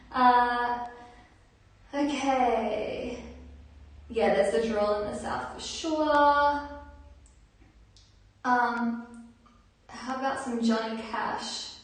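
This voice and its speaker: A woman's voice: on the high side, fairly even intonation, extremely slow, long pauses. A woman, a singer chatting casually on her livestream and reading out viewer comments in a friendly, filler-filled way. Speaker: singer hosting a livestream concert. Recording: very echoey room, far from mic, guitar.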